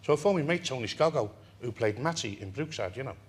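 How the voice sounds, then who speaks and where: An older man from England, a talk-show guest telling a long story in an animated way and laughing through it. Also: medium pitch, quick pace. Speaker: interview guest. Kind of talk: anecdotal storytelling.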